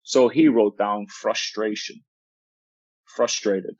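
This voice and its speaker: A man with a fairly low voice tells a story from his work as a basketball coach. He talks earnestly and often restarts mid-phrase. The recording sounds dull and lo-fi in a dry, close space. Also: fairly even intonation, slow pace, darkish tone, no echo. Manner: earnest, explanatory, frequent restarts and repeated words. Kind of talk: podcast interview, telling a coaching story.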